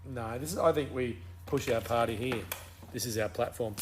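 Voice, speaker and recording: A man's voice: medium pitch, moderate pace, background noise. A man co-hosting a podcast in casual, joking banter. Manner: joking, laid-back banter. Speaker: podcast co-host. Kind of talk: casual chat.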